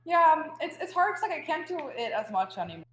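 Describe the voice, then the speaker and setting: A woman's voice: sits high, very animated, fast talker, a bit bright. A young adult woman, a podcast guest, telling stories in a chatty, casual way, full of filler words. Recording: roomy echo.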